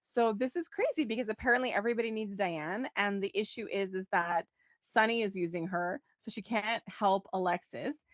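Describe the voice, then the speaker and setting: A woman's voice: mid-range voice, normal speed, dry recording. A woman co-hosting a podcast, chatting casually and quoting characters as she recaps. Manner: chatty, quotes characters, laughs often. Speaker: podcast co-host. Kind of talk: casual chat recapping a soap opera.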